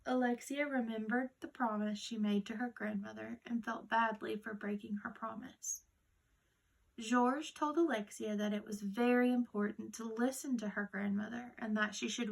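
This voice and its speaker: Soft-spoken woman reading a children's story. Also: fairly high pitch, creaky.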